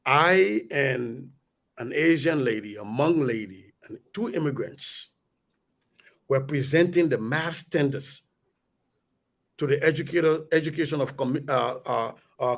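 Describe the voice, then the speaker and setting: A middle-aged man from Liberia with a Liberian accent, telling a story in a lively, animated way on a radio talk show. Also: mid-range voice, normal speed, gravelly. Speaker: radio guest. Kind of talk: storytelling in conversation.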